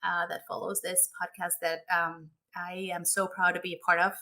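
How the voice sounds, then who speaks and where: A young woman co-hosting a podcast, talking in a casual, excited, chatty way and laughing often. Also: on the low side, normal speed. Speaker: podcast co-host.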